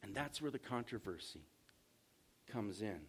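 A man pastor preaching a sermon slowly and emphatically, often rising to loud stresses. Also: on the low side, expressive, a little hiss or hum.

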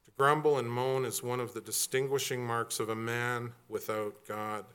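A man's voice: mid-range voice, little pitch movement, normal speed, fairly bright tone, smooth. A middle-aged man preaching a sermon as a pastor, conversational and jokey, sometimes acting out other people's voices.

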